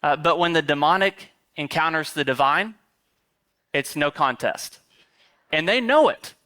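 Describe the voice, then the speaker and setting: Male pastor, sermon, casual and chatty, filler words, fairly high voice. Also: lively intonation, unhurried, sharp tone. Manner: conversational, chatty with many fillers; humorous asides.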